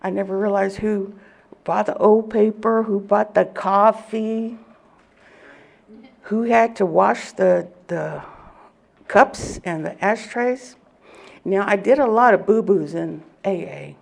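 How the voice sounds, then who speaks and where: A woman giving an animated personal testimony at a recovery meeting, laughing often as she tells it. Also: mid-range voice, slow, vocal fry. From Oklahoma.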